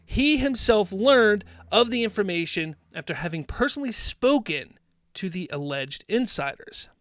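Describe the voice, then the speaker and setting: A man with a high voice hosts a commentary show, sarcastic and emphatic as he mocks and hammers his points. The sound is dry and close, with no room around him. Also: expressive, moderate pace, a bit bright, dry recording. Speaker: host. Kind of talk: opinionated commentary.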